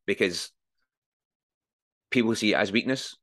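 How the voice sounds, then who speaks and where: Forties male guest, deep-pitched, earnest and open, drops the odd swear. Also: a little slow, fairly bright tone. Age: 40s. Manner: earnest, reflective, swears freely. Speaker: podcast guest. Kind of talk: candid interview conversation.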